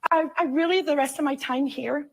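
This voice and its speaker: A woman's voice: high voice, steady tone, fairly quick, creaky. A middle-aged woman speaking in a heated, rambling, apologetic way to housemates, recorded from a distance. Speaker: reality show contestant. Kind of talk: emotional speech to housemates. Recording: roomy sound from off-mic.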